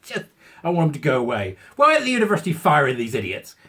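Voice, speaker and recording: English male commentator, husky voice, mocking and sarcastic, big swings in pitch. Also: huge pitch swings, fast, pushed and bright. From England. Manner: mocking, sarcastic, laughs at own jokes. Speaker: online commentator. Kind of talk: ranting commentary.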